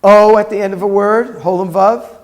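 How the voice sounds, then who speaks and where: A man's voice: high voice, steady tone, moderate pace. A man, a rabbi, teaching a Hebrew class and patiently explaining pronunciation step by step.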